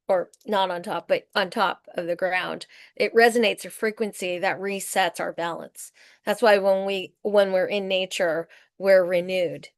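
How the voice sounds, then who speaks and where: A woman's voice: medium pitch, dry recording, clean studio sound. A woman on a group video call, earnestly explaining her ideas and stumbling over words now and then. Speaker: circle participant.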